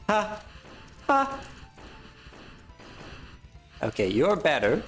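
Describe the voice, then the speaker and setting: Lively self-mocking young streamer. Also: medium pitch, slow pace, pauses often, faint music behind. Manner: self-mocking, swearing, thinking aloud. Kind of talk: live gameplay commentary.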